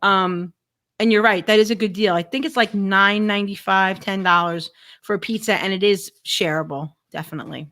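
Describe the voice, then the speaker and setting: A woman's voice: mid-range voice, fairly even intonation, normal speed, fairly bright tone. Chatty woman co-hosting a stream. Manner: chatty, laughs often, restarts words. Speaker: live stream co-host. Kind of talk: casual chat.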